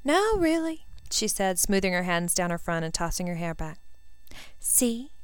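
A woman reading a fan fiction story aloud, narrating in an even, unhurried way. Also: on the low side, smooth, no room sound. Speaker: reader.

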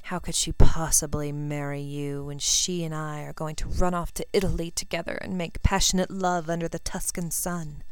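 A woman voicing a vain, smooth-talking teenage wizard boy in a storybook reading, speaking in a theatrical way. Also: low-pitched, little pitch movement, normal speed, hardly any pauses, no room sound, natural voice. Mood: suave.

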